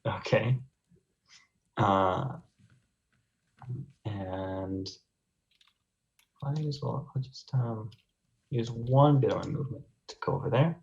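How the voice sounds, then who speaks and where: A man playing a tabletop game, laid-back and quick to laugh, on a lo-fi mic with keyboard clicks behind him. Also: fairly low pitch, vocal fry, darkish tone. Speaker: player.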